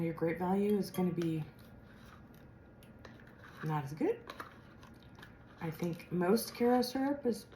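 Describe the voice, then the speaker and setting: A woman's voice: mid-range voice, a little hiss or hum. A woman with a General American accent, chatting casually as she cooks in her home kitchen and thinking aloud as she goes. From Midwestern or Western United States. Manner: chatty and rambling, thinking aloud while cooking. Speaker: home cook. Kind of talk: casual cooking vlog. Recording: echoey kitchen with clattering dishes.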